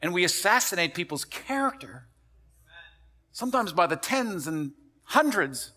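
A male pastor preaching a sermon in a church, telling the story with lively acted quotes and repeating words as he builds up. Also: high voice, measured pace.

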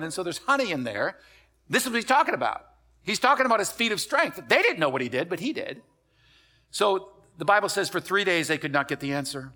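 A male pastor preaches a sermon in a church, his voice sitting high. He tells the story with lively acted-out quotes and repeats words as he builds momentum.

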